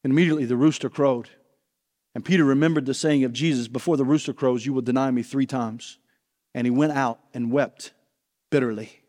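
A man's voice: mid-range voice, fairly even intonation, a little fast, darkish tone, in a large hall. A man preaching a sermon as pastor, earnest and asking his listeners pointed questions.

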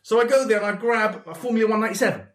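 His voice high-pitched and racing, an English man hosting a podcast relates a story in casual chat, laughing a lot and animatedly voicing each person he quotes. The recording has the echo of a large, roomy space.

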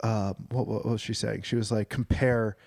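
A man's voice: lowish voice, level tone, normal speed, vocal fry, darkish tone, breathy edge, no echo, studio quality. A young man co-hosting a podcast, chatting casually and profanely, rambling through stories. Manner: loose, profane, rambling storyteller. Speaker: podcast co-host. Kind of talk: casual banter.

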